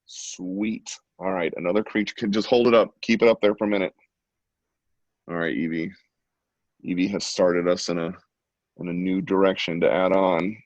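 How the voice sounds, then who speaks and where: A man with a deep, low voice hosts a casual online art class, keeping up a playful, joking commentary as people draw. He talks over a video call and the sound is close and dry, with no room echo. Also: fairly even intonation, normal speed, lo-fi sound. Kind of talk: casual live-stream teaching.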